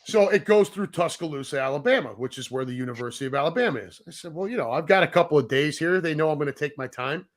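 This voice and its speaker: A middle-aged man co-hosting a casual podcast, his voice sitting a little high for a man. He tells stories with plenty of swearing and acts out the people he quotes. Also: fast, hardly any pauses. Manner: animated storyteller, swearing, acting out quotes. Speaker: podcast co-host. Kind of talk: casual storytelling chat.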